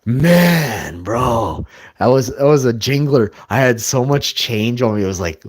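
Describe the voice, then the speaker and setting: A man telling rambling, boastful stories as a live streamer, with bursts of loud laughter. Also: mid-range voice, animated, a little slow, husky. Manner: boastful, rambling, laughs loudly mid-story. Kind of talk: rambling storytelling.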